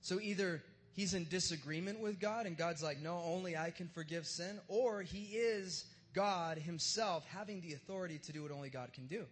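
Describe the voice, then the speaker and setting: A man preaching a sermon with a notably high voice. He talks loosely and jokes with everyday slang, like he's chatting with the congregation. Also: normal speed, hardly any pauses. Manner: casual and joking, uses slang. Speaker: pastor. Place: church service in front of a live crowd.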